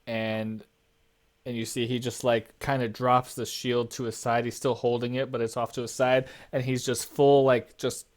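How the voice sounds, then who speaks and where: A man's voice: medium pitch, little pitch movement, normal speed. A man narrating a tabletop game as game master, casual with frequent fillers.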